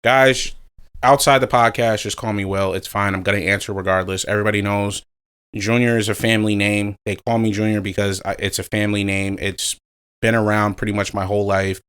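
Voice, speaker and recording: Man, podcast co-host, low smooth voice, relaxed rambling chat with fillers. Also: brisk. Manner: easygoing, rambling with filler words.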